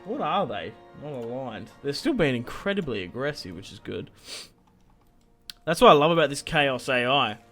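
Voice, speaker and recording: Young aussie bloke narrating his strategy game, cracks jokes and swears a lot, middle pitch, bit of music in the back. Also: sing-song, moderate pace, sharp tone. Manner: joking, profane, rambling. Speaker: gaming video host. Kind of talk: casual gameplay commentary.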